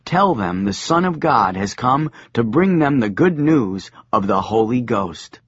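A man voicing a calm, gentle messiah leader in an audiobook, speaking quietly and evenly. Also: mid-range voice, a little slow, breathy edge, dry recording, lo-fi sound. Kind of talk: audiobook character voice.

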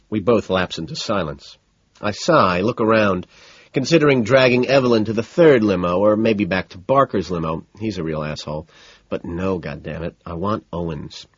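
A man narrating a first-person audiobook in a dry, deadpan way. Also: sits low, normal speed, husky, no echo. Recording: dull, dry lo-fi recording.

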